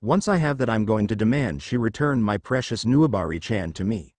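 A man voicing a brash, cocky young male ninja warrior who talks sarcastic and deadpan, in a read-aloud story. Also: on the low side, fairly quick, no room sound.

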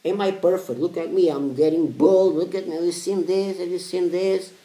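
A man in his late twenties talks straight to camera as a language vlogger, blunt and repetitive, with casual swearing. His voice sits a little high for a man yet sounds mellow and warm. The recording has a noticeable echo from the room. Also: steady tone, moderate pace. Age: 20s. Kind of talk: casual motivational talk to camera.

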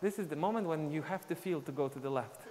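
A man's voice: a little high, quick pace, dark tone. Man counting dance beats in a reverberant studio. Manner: counts beats aloud while dancing. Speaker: dance teacher. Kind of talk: live online dance class, counting steps. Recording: long reverb, faint ambient noise.

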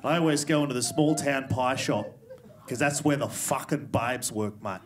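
This stand-up comic has a mid-range voice and talks at a normal speed, brash and profane as he works the room through a handheld mic. It's a live comedy club recording with the audience audible.

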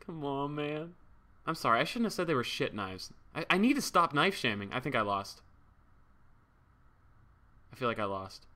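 A man's voice: mid-range voice, very animated, normal speed, pauses often, bright, forceful tone. A young man streaming a game, chatting casually, joking, swearing and thanking subscribers as he reads the chat. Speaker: livestreamer.

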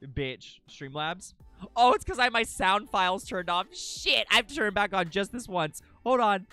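A live streamer talking into a desk mic with a bright, sharp tone that swings widely up and down in pitch. They ramble casually, greet viewers by name, and swear freely. Soft music plays quietly underneath. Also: expressive, moderate pace, clean tone, no echo. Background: faint background music.

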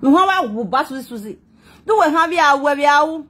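A woman's voice: sits high, animated, fairly quick, fairly bright tone. A Nigerian woman vlogging a heated, defensive, rambling rant to her viewers. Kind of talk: emotional personal rant to viewers.

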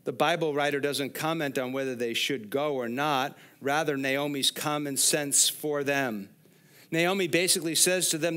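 A pastor preaches in a church sanctuary, his slightly high voice pushed and bright, with fairly even intonation at normal speed. He explains scripture in expository style, speaking directly to the congregation and asking them questions.

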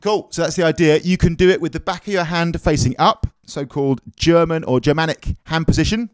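A man's voice: a little high, brisk, smooth. A man giving a drum lesson, explaining technique and counting beats aloud. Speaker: drum teacher. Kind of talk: instructional demonstration.

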